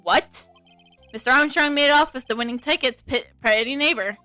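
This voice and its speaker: A woman streamer reading a game aloud in an earnest, quick way with frequent self-corrections. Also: high voice, pushed and bright, faint music behind.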